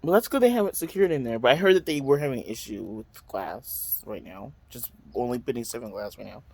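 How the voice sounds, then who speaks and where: Brisk and animated, a man with a medium-pitched, creaky voice vlogs from home about a bus incident before unboxing skincare. His talk is chatty, dotted with dramatic exclamations and frequent fillers.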